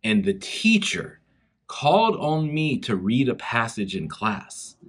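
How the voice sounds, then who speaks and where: Lively Southern man telling a story. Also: a little high, slow pace, gravelly, slightly rough. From South Carolina, USA. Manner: animated storytelling, speaks directly to children. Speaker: chapel speaker for schoolchildren. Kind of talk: children's chapel talk.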